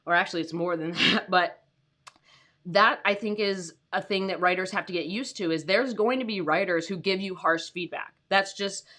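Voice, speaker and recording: A woman's voice: on the low side, moderate pace, bright, forceful tone. A woman in her thirties coaching freelance writers on a casual livestream from home, talking loosely with lots of fillers and greeting viewers by name. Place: home, with her dogs nearby.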